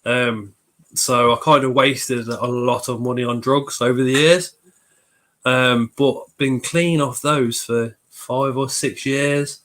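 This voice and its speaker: Casual male streamer with a cold, bright and sharp voice, chatting and reading chat aloud. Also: mid-range voice, steady tone, slow pace. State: has a cold. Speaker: livestream host reading chat.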